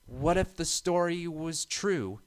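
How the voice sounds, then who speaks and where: A man voicing a timid little male tank engine with a high, frightened, wailing voice. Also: animated, takes it slowly. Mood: nervous.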